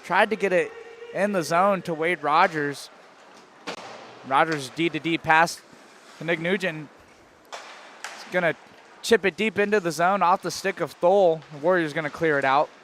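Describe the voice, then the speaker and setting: A man calling hockey play-by-play, firing off quick calls that jump to shouts on shots and goals. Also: on the high side, slight background noise. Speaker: play-by-play commentator.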